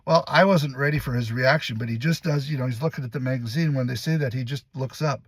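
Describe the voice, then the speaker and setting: A man who acts in commercials, casually telling a lively behind-the-scenes story and acting out what others said. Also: mid-range voice, fast, slightly rough, no room sound. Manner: lively, laughs while telling, acts out other people's lines. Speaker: commercial actor.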